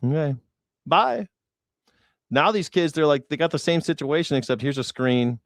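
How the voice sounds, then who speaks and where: A man's voice: on the high side, expressive, normal speed, no echo, clean studio sound. A man hosting a casual reaction show, talking bluntly and rambling with plenty of swearing. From grew up in a city. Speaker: news reaction host.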